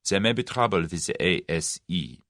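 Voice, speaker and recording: A man voicing a clear, methodical conspirator. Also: low voice, expressive, a bit bright, dry recording. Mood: measured. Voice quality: clear, measured, deliberate.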